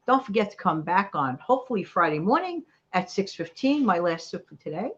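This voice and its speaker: Chatty New York woman, animated. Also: medium pitch, a little fast, few pauses, muffled recording. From New York City. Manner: chatty, motivational, talks straight to viewers. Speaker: livestream host. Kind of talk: casual live chat.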